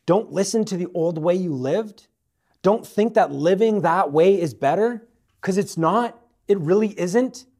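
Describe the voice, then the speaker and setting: A man preaching a sermon in a fairly high voice. He presses hard on key lines, then drops to a near-hush for his personal appeals. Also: expressive, measured pace. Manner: dynamic delivery, swinging from loud emphasis to hushed appeals.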